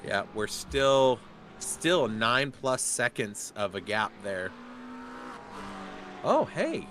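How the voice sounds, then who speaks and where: A man giving chatty, excitable live commentary on a sim race. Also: mid-range voice, a little hiss or hum. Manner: chatty, excitable, quick to laugh.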